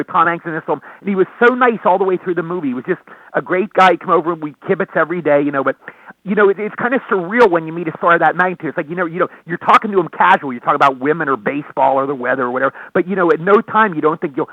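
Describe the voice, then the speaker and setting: A middle-aged man chats at a rapid clip in a fairly high voice, rambling eagerly from one anecdote to the next. His voice comes through a thin, tinny phone line with no room sound at all. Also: no room sound. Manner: excitable storyteller, quick rambling delivery. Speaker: actor guest. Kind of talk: casual interview over phone.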